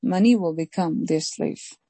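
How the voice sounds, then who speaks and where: Slow, husky-voiced woman preaching. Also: lowish voice, dark tone, no echo, low-quality recording. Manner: slow, emphatic preaching with deliberate repetition; reads scripture aloud. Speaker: pastor. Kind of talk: sermon.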